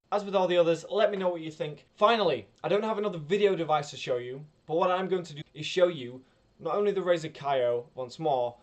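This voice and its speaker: A man with a slightly high voice rambles about his gear, talking a little louder than usual. The sound comes through the poor built-in microphone of a webcam in his computer room. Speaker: YouTuber reviewing gear. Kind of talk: casual tech review vlog. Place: home room near a computer tower. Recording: poor webcam mic audio.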